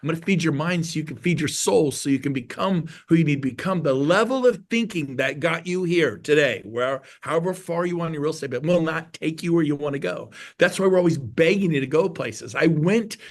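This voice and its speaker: A man in his fifties from California, a real estate agent on a webinar panel, giving an excitable motivational pitch. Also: a little fast, hardly any pauses. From California, USA.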